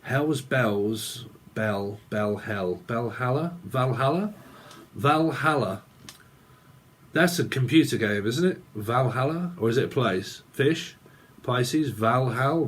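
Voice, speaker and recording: Slow, rambling male tarot reader. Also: mid-range voice, lively intonation, husky. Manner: free-associating, muttering names, chuckling. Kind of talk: rambling tarot reading vlog.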